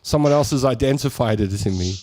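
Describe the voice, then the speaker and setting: A man's voice: mid-range voice, brisk, a little mellow. A man hosting a radio show, chatting in studio banter and whining theatrically for laughs.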